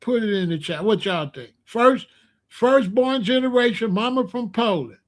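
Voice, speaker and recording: High-voiced blunt man on a livestream. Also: moderate pace. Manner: blunt, repetitive, asks the chat questions. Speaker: livestream host. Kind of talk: casual livestream monologue.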